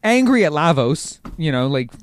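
A man co-hosting a casual podcast, rambling in a relaxed way with jokey asides. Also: on the high side, moderate pace. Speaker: podcast co-host. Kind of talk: casual chat.

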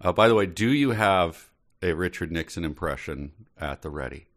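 Brief: man, very low voice, playful guest, halting guesses. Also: expressive, a bit bright. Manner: playful, laughs often, hesitant guesses. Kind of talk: casual chat.

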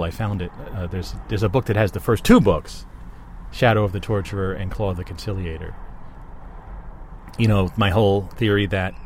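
Guy talking to himself in his car, kinda low voice, wanders off topic a lot, faint road hum behind. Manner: rambling, musing aloud to himself. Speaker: vlogger. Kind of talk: casual narration while driving. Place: in a moving car.

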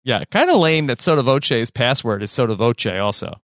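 A man's voice: medium pitch, sing-song, normal speed, fairly bright tone, dry recording, clean studio sound. Man recapping a movie plot. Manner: recaps plot with many fillers. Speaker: podcast co-host. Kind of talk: casual movie discussion.

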